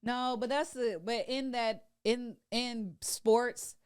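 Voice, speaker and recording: A woman with a fairly high voice co-hosts a casual talk podcast. She argues her points in a loose, back-and-forth debate and often cuts in on the others. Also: steady tone, slow pace, clear, resonant tone. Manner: interrupting, argumentative, laughs often. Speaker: podcast co-host.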